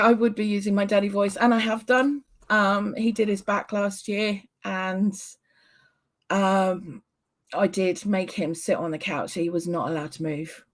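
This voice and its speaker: A woman hosting a casual livestream, chatting with viewers and answering their comments in a relaxed, rambling way with frequent ums. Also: fairly low pitch. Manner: unhurried with frequent ums and small laughs. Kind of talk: casual live-stream chat.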